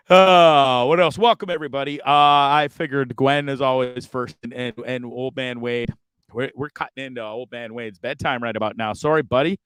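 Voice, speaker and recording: A man's voice: mid-range voice, moderate pace, a bit bright, clean tone, no echo, studio quality. A man hosting a casual live stream from a campground. He rambles, swears freely, trips over his words, and sounds openly frustrated. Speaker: livestream show host.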